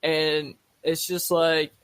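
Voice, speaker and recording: A man's voice: a little high, flat delivery, slow, a bit bright, clean tone, no echo. A young man co-hosting a podcast in casual chat, laid-back and rambling, swearing freely. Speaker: podcast co-host.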